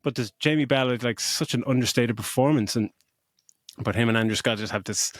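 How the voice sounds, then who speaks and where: A mid-range male voice, fairly quick, comes through a dry, studio-quality recording. The middle-aged man is co-hosting a podcast and effusively praising a film, cursing often as he lively retells it.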